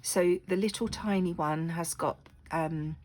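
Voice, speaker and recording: A woman's voice: fairly low pitch, fairly even intonation, a little slow, darkish tone, poor audio. A woman recovering from a cough, chatting casually in her home craft room, apologetic, with many ums. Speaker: crafting vlogger. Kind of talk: casual chat.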